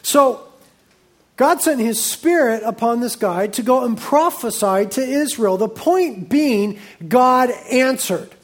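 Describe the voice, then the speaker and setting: A middle-aged male pastor preaching a sermon, reading scripture aloud and breaking into lively asides. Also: very high voice, takes it slowly.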